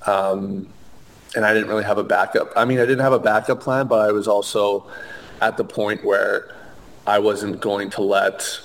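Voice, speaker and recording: Young male interview guest, low and even delivery, earnest, lots of "um" and restarts. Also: normal speed. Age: young adult. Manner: earnest, many fillers and restarts. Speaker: interview guest, hockey player. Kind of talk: conversational interview.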